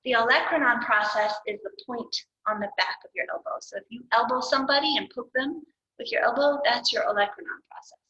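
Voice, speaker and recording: Woman anatomy teacher, bright, slightly high voice, self-correcting, muffled lo-fi recording. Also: fairly quick. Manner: patient, thinking aloud, corrects herself. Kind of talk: explaining anatomy while drawing. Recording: dull lo-fi recording.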